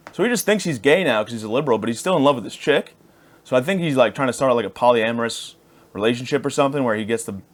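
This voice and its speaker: A man in his thirties talks alone into the mic in a middle-pitched voice, wandering from one thought to the next. His podcast patter is crude and self-mocking, with loose asides as he loses his thread. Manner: rambling, crude and self-deprecating. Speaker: podcast host. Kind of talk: comedic podcast monologue.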